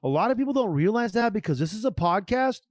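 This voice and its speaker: A man co-hosting a casual podcast, loose and profane as he riffs along. His voice sits a bit high for a man and comes through dry and close to the mic. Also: animated, quick pace, dry recording. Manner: loose, profane, riffing banter. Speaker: podcast co-host. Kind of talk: casual chat.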